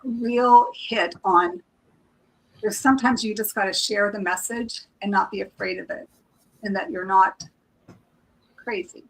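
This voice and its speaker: A woman's voice: mid-range voice, measured pace, gravelly, long pauses, fairly bright tone, rough recording. A woman, a psychic reader guest, retelling a personal experience in a casual, emotional way, with many restarts and acted-out quotes. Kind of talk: casual storytelling on a live stream.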